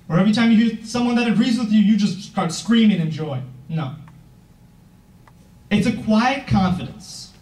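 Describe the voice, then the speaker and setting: High-voiced teenage boy speaking in an echoey hall. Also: a little mellow. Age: teens. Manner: earnest, emphatic, asks the audience questions. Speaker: youth founder giving a talk. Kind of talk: motivational speech. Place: event room, heard from a distance. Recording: echoey room from far off.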